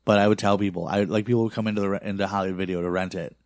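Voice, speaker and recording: A man's voice: deep voice, steady tone, racing, dry recording, clean studio sound. A young adult man telling rambling, profane stories in casual chat. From not from a big city. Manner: profane, rambling storytelling with lots of fillers.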